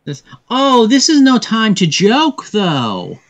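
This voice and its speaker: A man's voice: sits high, huge pitch swings, slow pace, voice pushed up, full character voice. A man voicing a fussy, anxious wealthy woman who prizes her assistant. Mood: pleading. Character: fretful wealthy woman, an Ultimate Sparkles patron.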